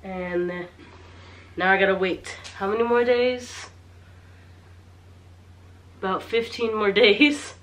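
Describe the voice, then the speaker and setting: A woman's voice: medium pitch, fairly even intonation, slow, pauses often, a bit bright. Chatty young woman vlogging to camera. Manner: chatty, filler-heavy, confiding. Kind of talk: casual vlog chat to camera. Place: at home indoors. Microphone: handheld camera at arm's length.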